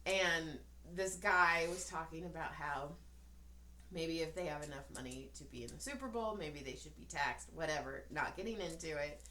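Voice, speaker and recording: A woman's voice: sits low, moderate pace, sharp tone. A woman in her thirties co-hosting a podcast in casual chat, telling stories animatedly, laughing often and acting out quotes. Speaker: podcast co-host. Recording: roomy echo, faint ambience.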